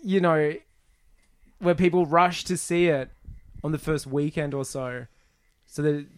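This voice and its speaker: A young man rambles through a casual film chat, his voice sitting fairly high for a man. He trips over restarts and chuckles at his own jokes as he goes. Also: little pitch movement, measured pace, clear, resonant tone. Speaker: podcast co-host.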